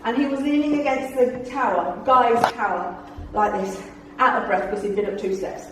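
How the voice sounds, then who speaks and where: A woman's voice: a little high, normal speed, noisy background. A woman in her fifties giving a jokey, anecdotal talk to a club audience, chatting with listeners and laughing as she goes. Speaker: guest speaker at a club. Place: club meeting room. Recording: echoey room from far off.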